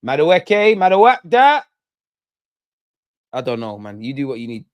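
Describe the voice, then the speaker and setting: Young guy yelling at penalty takers on a live watch-along, dry close sound. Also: medium pitch, fast, no echo. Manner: heckling, excitable, mocking penalty takers. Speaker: football fan channel host.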